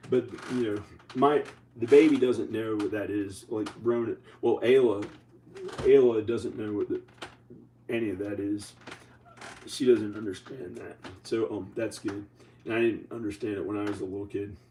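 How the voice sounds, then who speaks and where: A man vlogging in a rambling, halting way, full of restarts, sounding tired and short on sleep. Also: fairly low pitch, steady tone, mellow, roomy sound, far from the mic, a little hiss or hum, rough recording. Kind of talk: rambling casual monologue to camera.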